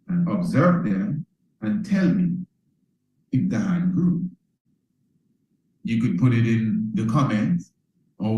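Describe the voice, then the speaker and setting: A man's voice: mid-range voice, dark tone, echoey room, poor audio. A man giving a motivational talk, repeating phrases like a preacher and calling his listeners family. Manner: preacher-like, repeats phrases, asks "you understand?"; calls listeners "family", leads them in call and response. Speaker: motivational speaker.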